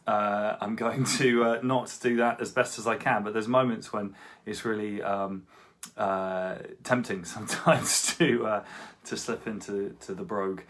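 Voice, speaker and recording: A man's voice: on the low side, steady tone, a little slow, fairly bright tone, a little hiss or hum. A man talking casually between songs on a home livestream gig, hesitant and full of ums and restarts. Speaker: musician playing a livestream gig. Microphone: computer livestream. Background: guitar.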